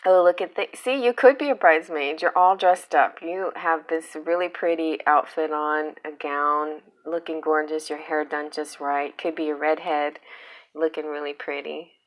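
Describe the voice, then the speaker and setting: Woman, tarot reader, lower pitch; casual, chatty, playful, laughs easily. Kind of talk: casual pick-a-card tarot reading.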